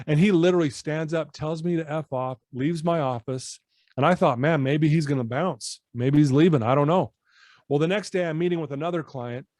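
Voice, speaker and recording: A man with a fairly high voice, talking at normal speed in a dry recording, tells a story as a podcast guest. He coaches in personal development, speaks from his home office, and brings quoted dialogue to life with animated energy.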